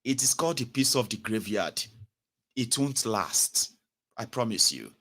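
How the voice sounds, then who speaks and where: A young Nigerian man with a Nigerian English accent and Pidgin, giving a casual, animated commentary monologue as host. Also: mid-range voice, a little slow. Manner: animated, mocking, switches to Pidgin and Yoruba.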